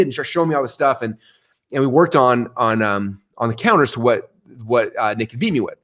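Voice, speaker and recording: A middle-aged man telling stories in an interview, energetic and animated, acting out the voices he quotes. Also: mid-range voice, quick pace. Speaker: guest. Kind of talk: storytelling interview answer.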